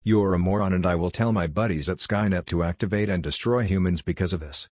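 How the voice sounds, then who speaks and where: A man voicing a deadpan male android who delivers flat, insulting lines. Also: deep voice, brisk, no room sound, studio quality. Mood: scornful.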